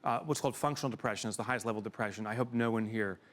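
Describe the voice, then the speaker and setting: A middle-aged keynote speaker addresses a live audience in a room, racing along in a fairly low voice. He tells a personal story with emotion, punctuated by sudden loud exclamations.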